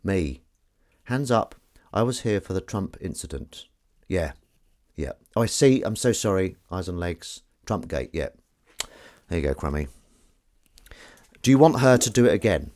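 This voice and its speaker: A man's voice: low-pitched, expressive, normal speed, a little mellow, dry recording, clean studio sound. A man chatting casually to live-stream viewers while washing up in his kitchen, rambling with jokey asides. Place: home kitchen at the sink.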